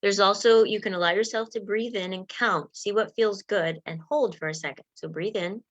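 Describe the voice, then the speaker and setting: A woman coaching listeners through self-help steps and breathing exercises in a gentle, encouraging way. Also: mid-range voice, normal speed, no room sound. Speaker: wellness coach. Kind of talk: guided self-help talk.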